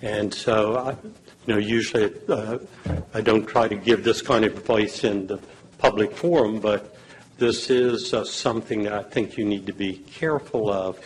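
Guy losing his voice, low pitch, giving legal advice at a council meeting, slow and halting with lots of uhs, faint hiss behind. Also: fairly even intonation, rough recording. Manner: measured, halting, many fillers. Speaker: legal counsel at a public meeting.

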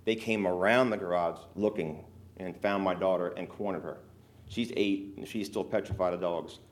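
A man, a local resident, giving earnest, emotional testimony at a public hearing, halting often with fillers. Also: deep voice, steady tone.

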